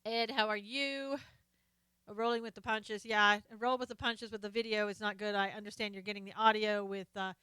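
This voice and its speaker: A woman hosts a casual live stream, greeting viewers by name and reading their comments aloud. Her voice is smooth and clear at a middle pitch. She talks loosely, trailing off into fillers, on a dry, close mic. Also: flat delivery, moderate pace, pushed and bright, dry recording.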